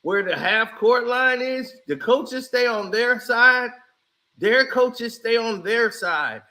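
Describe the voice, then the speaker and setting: A man doing casual, animated reaction commentary on a basketball clip, mocking and shouting as he reacts. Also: extremely high pitch, slow pace. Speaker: sports commentary streamer.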